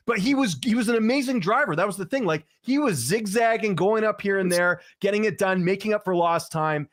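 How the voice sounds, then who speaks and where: A man's voice: high voice, dry recording, studio quality. A man from Canada, a guest commentator, telling a rambling story in casual podcast chat with lots of fillers. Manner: animated, fast rambling storyteller with many fillers.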